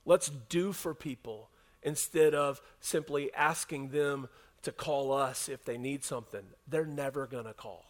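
A man preaching a sermon to his congregation in a conversational way, often dropping to a soft hush for emphasis. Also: medium pitch, measured pace. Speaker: pastor. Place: church service with a congregation.

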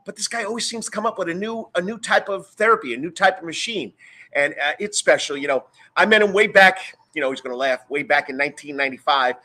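A New York-accented man hosting a sports radio show with a bright, forceful voice. He talks loud and upbeat and rambles from topic to topic with lots of fillers, pitched a little high. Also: lively intonation, fast. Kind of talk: live radio sports talk.

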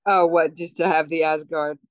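A woman's voice: deep voice, moderate pace, no room sound. Laughing woman recapping an episode. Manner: animated, laughs often, acts out lines. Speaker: podcast co-host. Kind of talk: casual episode recap chat. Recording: dull, dry sound.

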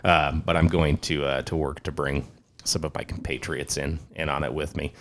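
A man hosting a casual podcast speaks in an extremely deep voice. He is relaxed and drops the odd swear, and his sentences often trail off quietly. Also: moderate pace, a little hiss or hum. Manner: laid-back, swears casually, trails off softly. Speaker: podcast host, police officer.

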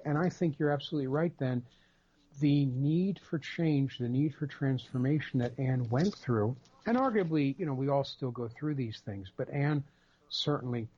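A man's voice: mid-range voice, a little mellow, slightly rough, highs cut off. A man co-hosting a casual podcast, speaking in an emphatic, rambling way with many repeated words. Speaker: podcast co-host.

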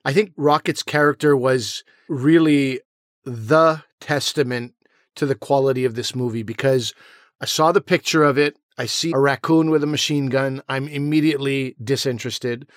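A man's voice: medium pitch, steady tone, moderate pace, dry recording, clean studio sound. A man co-hosting a podcast, chatting casually about a movie with wry, sarcastic banter. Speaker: podcast co-host. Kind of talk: casual movie review chat.

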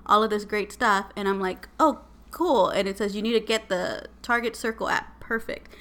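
A woman, telling a story as a podcast co-host in a casual, animated and exasperated way. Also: medium pitch. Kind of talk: casual chat.

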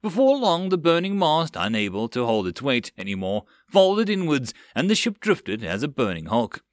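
Guy reading a web novel audiobook, lively dramatic delivery, dry close mic. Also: medium pitch, moderate pace, hardly any pauses, dry recording. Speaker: audiobook narrator.

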